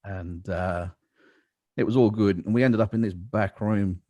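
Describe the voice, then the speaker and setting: A man's voice: on the low side, fairly even intonation, a little slow, warm tone, dry recording. A man hosting a podcast, telling a long anecdote in a casual, rambling way with plenty of fillers. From Western Australia. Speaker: podcast host. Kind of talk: casual storytelling chat.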